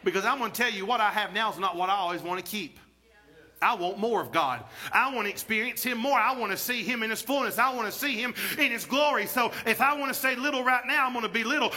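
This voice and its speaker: A pastor in full preaching mode, his voice sitting very high and ringing bright. He calls out to the congregation for responses and climbs toward shouts as he preaches. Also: fast talker. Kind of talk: sermon. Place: church sanctuary.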